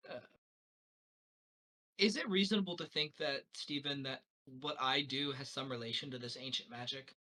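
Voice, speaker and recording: A man's voice: mid-range voice, moderate pace, sharp tone, low-quality recording. A man playing in a tabletop game, hesitant and rambling as he speaks in character. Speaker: player. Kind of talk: tabletop role-play chat.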